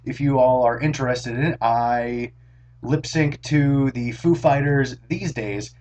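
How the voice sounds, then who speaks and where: A hoarse young man chatting casually to his camera in a rambling, jokey, self-mocking vlog, recorded on a small camera's built-in mic. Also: mid-range voice, unhurried, a little mellow, lo-fi sound, a little hiss or hum. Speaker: vlogger.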